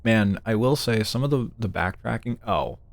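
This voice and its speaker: A man's voice: fairly low pitch, moderate pace, dry recording. A man streaming a video game, chatting casually and thinking aloud as he plays. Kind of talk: casual gameplay commentary.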